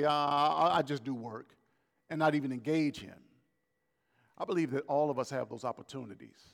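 A man preaching a sermon as pastor, swinging between loud raised lines and soft, slow emphatic words. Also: mid-range voice, creaky, in a large hall. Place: church hall.

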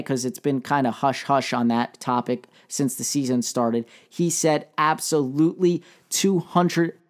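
A man hosting a solo sports talk show, talking casually with fillers and dry sarcasm. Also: medium pitch.

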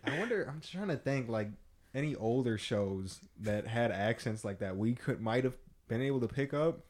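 A man's voice: medium pitch, animated, moderate pace, a little mellow. A young man co-hosting a casual podcast chat, joking, profane and laughing along. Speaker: podcast co-host.

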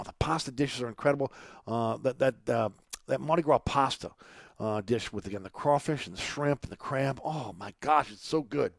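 A man's voice: lowish voice, dry recording. A man hosting a radio talk show, reading announcements and a sponsor ad, rambling with many fillers and restarts. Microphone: studio microphone.

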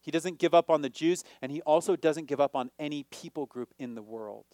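A man preaching a sermon, asking his listeners questions and rising to near shouts on key points. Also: a little high, brisk, no room sound, clean studio sound. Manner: asks the audience questions.

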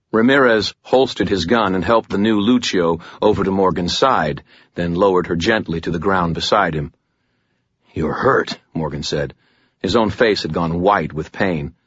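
Male audiobook narrator, low husky voice, steady delivery, dry dull recording. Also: dry recording. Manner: steady, measured storytelling. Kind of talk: scripted narration.

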